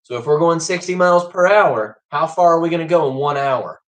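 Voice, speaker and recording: A man doing a needling husband, a bit high. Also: brisk, a bit bright, recorded from a distance, close to an everyday voice. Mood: teasing. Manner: insistent, needling. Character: teasing husband quizzing his wife.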